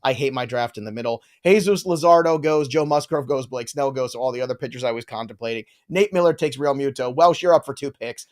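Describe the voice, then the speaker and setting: A man's voice: mid-range voice, quick pace, hardly any pauses. A man hosting a casual live fantasy sports draft show, bantering and teasing his co-hosts. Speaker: fantasy baseball podcast host.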